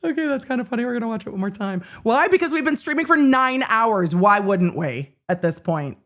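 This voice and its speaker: A woman's voice: mid-range voice, lively intonation, normal speed, fairly bright tone. A woman hosting a live trial-commentary stream, blunt and sarcastic, swearing freely. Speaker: legal commentator host.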